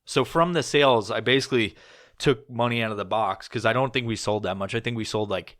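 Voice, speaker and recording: A man's voice: mid-range voice, a little fast, a bit bright. A man hosting a podcast, telling a rambling, profanity-laced story in a loose, casual way with plenty of fillers. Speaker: podcast host.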